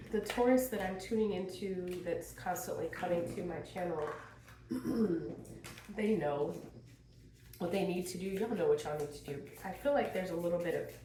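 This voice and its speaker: A woman giving a chatty, expressive tarot reading, her voice worn and hoarse. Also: on the low side, slight background noise. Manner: chatty, expressive, laughs and sings bits. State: losing her voice, clearing throat. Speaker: tarot reader. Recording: quiet roomy home recording.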